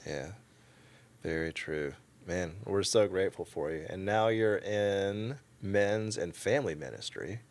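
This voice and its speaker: A podcast host with a very deep voice and a Southern accent. He speaks slowly and unhurriedly, and he keeps the conversation going with short, encouraging replies. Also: animated. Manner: brief warm backchannels, laughs along. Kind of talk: interview.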